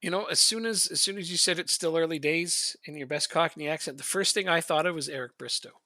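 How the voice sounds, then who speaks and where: Bright-voiced man venting about his game. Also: fairly high pitch, quick pace, no echo, studio quality. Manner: frustrated, venting, laughs often. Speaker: streamer. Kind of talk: casual gaming chat.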